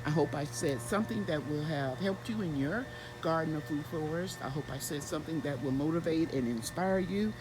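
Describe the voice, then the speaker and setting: A woman's voice: sits low, a little fast, noisy background. Chatty woman gardening outdoors. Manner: chatty, explains each gardening step as she works. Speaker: gardening channel host. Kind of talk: casual vlog narration.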